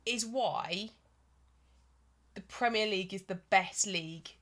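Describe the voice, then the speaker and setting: A woman co-hosting a live podcast, chatting in a self-mocking, excitable way. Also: medium pitch, takes it slowly. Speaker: podcast co-host. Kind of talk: casual chat.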